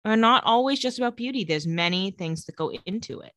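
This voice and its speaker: A woman chats through a TV episode recap with a bright, forward tone. Her voice sits dry and close, with no room sound. She keeps slipping into quick acted-out quotes of the characters. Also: mid-range voice, no room sound. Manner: animated retelling with acted-out quotes. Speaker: podcast co-host recapping a TV episode. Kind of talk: casual chat.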